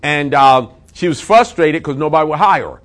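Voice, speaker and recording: A male pastor preaching a sermon, emphatic, repeating phrases and drawing out key words slowly. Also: a little high, a bit bright.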